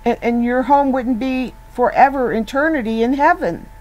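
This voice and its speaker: A woman's voice: sits high, normal speed, darkish tone, muffled recording. A woman giving an informal Bible teaching in an earnest, conversational way, often restarting and repeating words as she goes.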